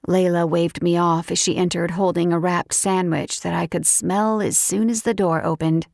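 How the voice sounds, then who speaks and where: A woman narrating a first-person audiobook, expressive and animated when voicing her own character's lines. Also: fairly low pitch, moderate pace, creaky, hardly any pauses, no echo, studio quality.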